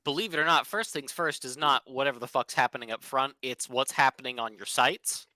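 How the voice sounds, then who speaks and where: A man as a podcast guest in casual chat, laid-back with deadpan humor. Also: medium pitch, a little fast, no echo, low-quality recording.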